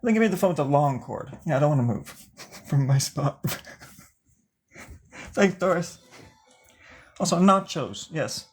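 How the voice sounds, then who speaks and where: A man's voice: a little high, animated, measured pace, long pauses, breathy edge, faint music behind. A man streaming live while drawing, chatting casually and rambling playfully through improvised mock newscaster and boss bits.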